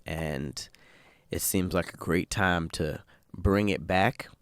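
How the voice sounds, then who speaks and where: A man's voice: low-pitched, slow pace, clean tone, no room sound. Joking man co-hosting a podcast. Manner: joking, playful storyteller. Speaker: podcast co-host. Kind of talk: casual chat.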